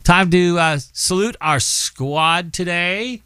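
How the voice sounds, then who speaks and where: A man's voice: high voice, slow pace, sharp tone, clear, resonant tone, dry recording. A man hosting a radio show, bantering in a playful, hammy showman style.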